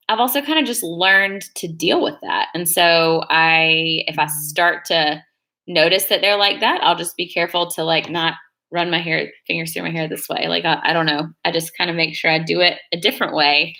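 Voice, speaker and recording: A young woman chats loosely while she does her nails. Her voice is bright and a bit gravelly, and she rambles and hedges as she talks. She sits fairly low in pitch. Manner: rambling, chatty, hedges a lot. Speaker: beauty vlogger on a live stream. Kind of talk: casual chat while doing her nails.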